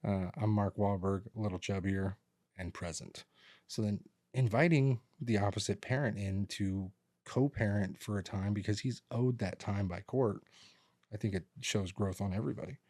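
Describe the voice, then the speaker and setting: A man with a fairly low voice co-hosts a podcast from a studio. He chats casually and rambles through family stories, acting out his relatives' lines along the way. The sound is dry and close, with no room echo. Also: normal speed, darkish tone. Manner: rambling storyteller who acts out relatives' lines. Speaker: podcast co-host. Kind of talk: casual chat.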